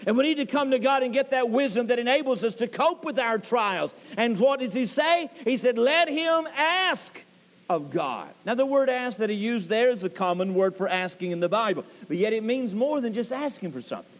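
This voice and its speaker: A man's voice: expressive, brisk, few pauses, long reverb tail. A male pastor preaching a sermon in a church, emphatic and repetitive, swooping up on key words. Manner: emphatic, repeats key phrases, voice swoops high on stressed words. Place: church sanctuary.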